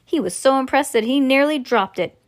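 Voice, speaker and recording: A woman reads a children's story aloud in plain, steady narration. Her voice sits fairly high, and she turns to a listener with chatty asides. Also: brisk. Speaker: reader.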